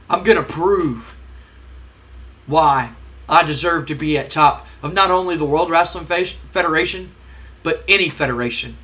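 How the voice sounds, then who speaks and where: A man's voice: a little high, pushed and bright. A man doing a cocky, taunting wrestler. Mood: boastful. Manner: boastful, taunting and heated. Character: cocky, defiant male pro wrestler.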